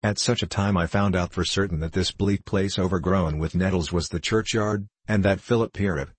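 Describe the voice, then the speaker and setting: A man narrating a classic novel as an audiobook, reading in a measured, deliberate way. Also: sits low, fairly even intonation, breathy edge, dry recording.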